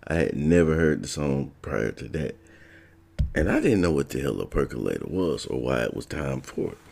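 A man's voice: extremely low pitch, creaky, a little mellow. A man from Georgia telling a personal story in a laid-back, casual way, laughing now and then.

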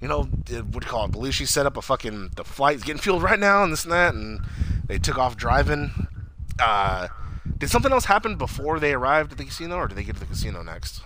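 An excitable man recaps a TV episode in casual chat, acting out each character's lines with a lively, bouncing pitch. He swears freely. Clear background noise runs under his voice. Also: quick pace, rough recording.

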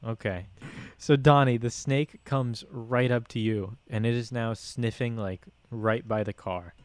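A man's voice: mid-range voice, fairly even intonation, unhurried, dry recording. A man narrating a tabletop role-playing game as game master, casual and loose, with filler words.

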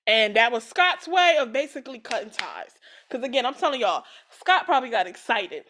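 High-voiced woman telling a story. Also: brisk, a little hiss or hum. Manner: animated storytelling, acts out quoted voices, laughs often. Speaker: podcast co-host retelling a story. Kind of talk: casual chat.

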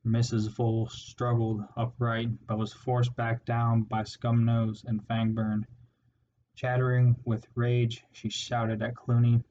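A man reading a storybook aloud as narrator, steady and measured. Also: medium pitch, dull audio, a little hiss or hum. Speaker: audiobook narrator.

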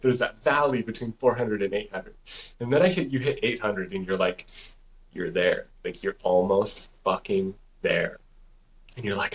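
A man's voice: mid-range voice, lively intonation, normal speed, poor audio. A young man co-hosting a podcast in casual chat, telling a story with a lot of swearing and acting out his own past thoughts. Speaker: podcast co-host.

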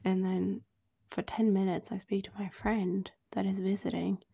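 A woman's voice: medium pitch, little pitch movement, normal speed, vocal fry, warm tone, husky, no echo. A woman co-hosting a podcast, telling a story in casual chat, with lots of "like"s as she acts out the quoted dialogue. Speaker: podcast co-host.

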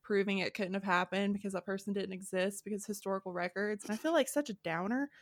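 A woman's voice: mid-range voice, fast, dry recording. A woman guesting on a podcast, chatting casually about history and laughing at her own stumbles over words.

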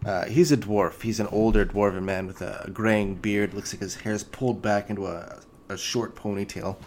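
A man running a tabletop game as game master, narrating in a relaxed, hesitant way. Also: lowish voice, normal speed, a little hiss or hum.

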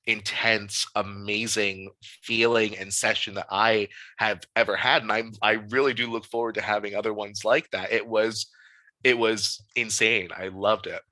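A young man, a podcast guest, telling a candid, animated story in casual conversation with frequent fillers. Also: fairly low pitch, no room sound, rough recording.

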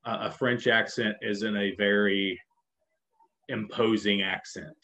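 Low-pitched and steady, with a sharp tone, this man speaks slowly while co-hosting a laid-back podcast chat. His enthusiasm shows as he rambles along through plenty of restarts, all on dull lo-fi audio.

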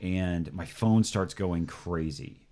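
A man's voice: low-pitched, slow, warm tone. A middle-aged man hosting a casual chat, talking emphatically, swearing freely and restarting his sentences often. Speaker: podcast host.

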